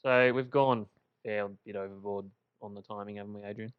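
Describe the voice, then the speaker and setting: A man co-hosting a podcast, ribbing his guest with a playful, teasing edge. His voice is smooth and clean at a middle pitch. It is recorded dry and slightly dull in a small home studio. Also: fairly even intonation, brisk, dry recording. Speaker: podcast co-host. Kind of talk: casual storytelling chat.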